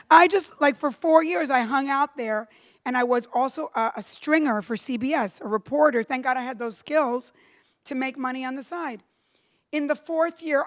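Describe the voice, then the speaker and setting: A middle-aged woman giving a storytelling talk to a live audience, animated, acting out the voices she quotes and slipping in Spanish phrases. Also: a little high. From Cuba. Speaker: keynote speaker. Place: lecture room with a live audience.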